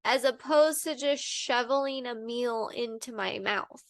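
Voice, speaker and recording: A young woman co-hosting a podcast with her mother, telling personal stories openly and with an animated, laughing manner. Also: medium pitch, no room sound, studio quality. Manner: open, animated storytelling with laughs. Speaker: podcast co-host. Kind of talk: candid podcast conversation.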